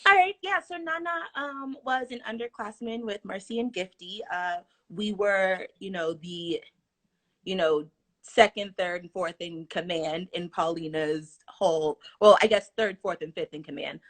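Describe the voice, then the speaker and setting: A woman's voice: mid-range voice, a little slow. A woman, a stage actress, chatting about her role on a video call. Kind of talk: casual video-call interview.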